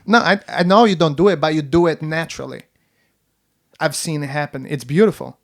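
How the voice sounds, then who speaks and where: A man's voice: fairly high pitch, brisk, vocal fry. A man hosting a casual podcast chat, swearing freely and acting out other people's reactions. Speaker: podcast host.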